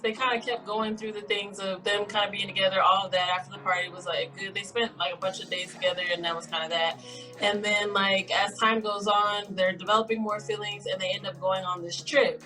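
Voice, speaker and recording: A woman's voice: medium pitch, flat delivery, normal speed, over music, rough recording. A woman co-hosting a casual podcast, retelling a story in a rambling way and briefly voicing the people she quotes. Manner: rambling, acts out quoted lines in brief voices. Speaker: podcast co-host.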